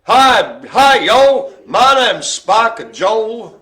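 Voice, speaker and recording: A man voicing a cheery spiky little male monster who calls out a loud, bouncy greeting. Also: high voice, big pitch swings, measured pace, voice pushed up, heavily acted.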